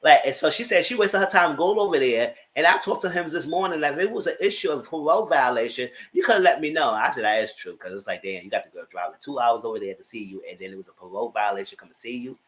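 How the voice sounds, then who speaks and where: Recapping a TV episode for his YouTube review, this man talks fast with few pauses in a medium-pitched voice. He's chatty and animated, full of sassy asides and frequent laughter.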